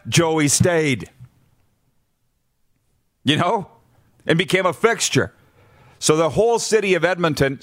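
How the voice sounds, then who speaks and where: A man's voice: mid-range voice, no echo. Male sports talk host, opinionated, works through his points bluntly; dry booth sound. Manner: blunt, numbered-point rundown with frequent restarts.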